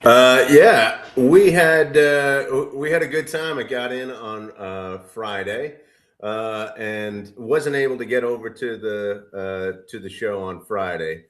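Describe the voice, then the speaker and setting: A man's voice: mid-range voice, takes it slowly. A man co-hosting a casual podcast chat, rambling with many fillers and restarts. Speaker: podcast co-host.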